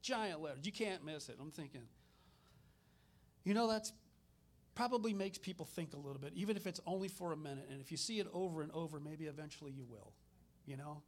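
A man's voice: a little high, fairly quick. Chatty man preaching. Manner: conversational storytelling, animated retellings. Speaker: minister. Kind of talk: sermon with personal stories.

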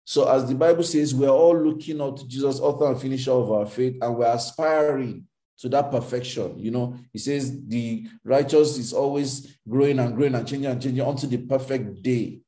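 A man's voice: mid-range voice, normal speed, warm tone. A man, coaching a live emotional intelligence session in an emphatic, repetitive, preacher-like cadence. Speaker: motivational coach.

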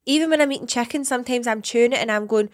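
A woman's voice: on the high side, racing, dry recording, clean studio sound. Frank, emphatic young Scottish woman. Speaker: podcast co-host. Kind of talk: casual chat.

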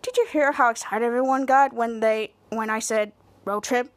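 A woman's voice: very high voice, lively intonation, normal speed, fairly bright tone, no echo. A woman doing a cocky male superhero leader. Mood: scheming.

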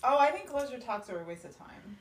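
A woman's voice: high-pitched, big pitch swings, brisk. A woman co-hosting a podcast who throws in wry quips and teasing asides. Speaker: podcast co-host. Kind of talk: casual chat. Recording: roomy, distant mic with faint background noise.

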